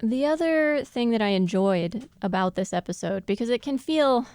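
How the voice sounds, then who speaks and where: A woman's voice: on the high side, lively intonation, moderate pace, a little mellow, clean tone, no room sound. A woman co-hosting a podcast, explaining her ideas in thoughtful casual chat and laughing often as she talks. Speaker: podcast co-host.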